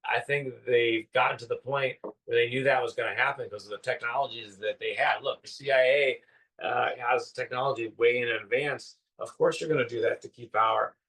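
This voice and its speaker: A man's voice: mid-range voice, steady tone, brisk, bright, forceful tone. A man in his fifties, co-hosting a casual spiritual conversation, rambling with enthusiasm and full of fillers. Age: 50s. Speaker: podcast co-host. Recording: distant from the mic.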